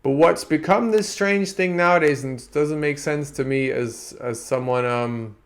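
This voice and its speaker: A podcast host from Antigua, whose accent has an American tinge, works through his ideas in a meandering, reflective monologue and often restarts. His voice is a little high and a little slow, with vocal fry and a clean tone.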